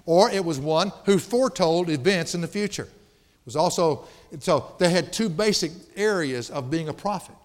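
A man preaches a sermon with a high, ringing voice. He is emphatic and folksy, slipping in playful asides, and his words trail off into a long hall reverb. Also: lively intonation, moderate pace. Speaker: pastor.

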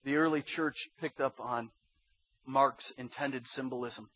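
A man preaching a sermon as pastor, emphatic and conversational, swinging from loud insistence to hushed intensity. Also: mid-range voice, fairly even intonation, unhurried, breathy edge. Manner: conversational with slang asides. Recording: dull lo-fi sermon recording.

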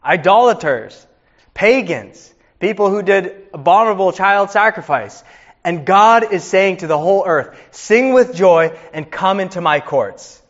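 A pastor in his thirties preaches with earnest warmth and tells stories to his congregation. His voice sits a little high for a man. The recording is dull and slightly lo-fi. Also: expressive, a little slow. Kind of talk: sermon.

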